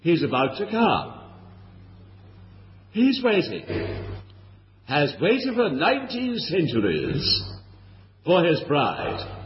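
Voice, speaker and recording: Slow, earnest preacher man in a hall. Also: a little high, huge pitch swings, a little hiss or hum. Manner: slow, earnest, pleading questions. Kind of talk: sermon. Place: church hall. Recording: lo-fi recording in a reverberant hall.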